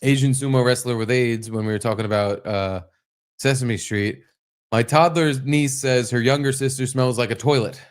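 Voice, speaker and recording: A man co-hosting a casual podcast, talking in a loose, rambling storytelling way. His voice sits at an ordinary middle pitch, and he keeps the chat relaxed and unhurried. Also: clear, resonant tone. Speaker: podcast co-host.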